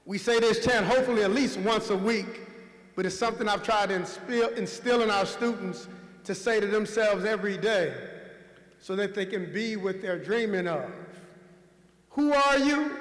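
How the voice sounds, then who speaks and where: High-voiced man giving a rousing graduation speech. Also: fairly bright tone. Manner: rousing, preacher-like cadence with repetition. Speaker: school staff speaker at a graduation. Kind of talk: commencement speech with call-and-response chants. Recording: echoey hall with long reverb.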